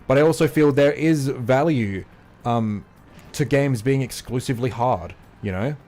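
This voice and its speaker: An unhurried, mid-range, slightly mellow male voice carries this casual gaming livestream chat. The breathless streamer rambles opinionatedly as he plays, using plenty of fillers and swearing now and then.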